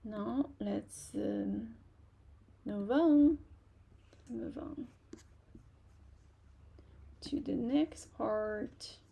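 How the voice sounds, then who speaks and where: A woman teaching a live online beginner Chinese class, speaking slowly and patiently and repeating words for learners to copy. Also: fairly high pitch, creaky, dark tone, slightly rough.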